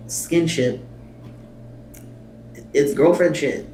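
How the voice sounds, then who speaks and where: Sweary reaction host in an echoey room. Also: male voice, medium pitch, moderate pace, mellow. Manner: blunt, sweary and exasperated, reads subtitles aloud. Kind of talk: casual reaction commentary. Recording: echoey room, mic at a distance, faint noise.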